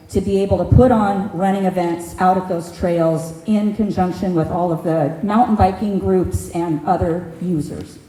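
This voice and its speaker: A woman's voice: lowish voice, warm tone. A middle-aged woman giving an earnest, heartfelt public comment at a community meeting, plain-spoken and personal. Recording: echoey meeting room, faint ambience.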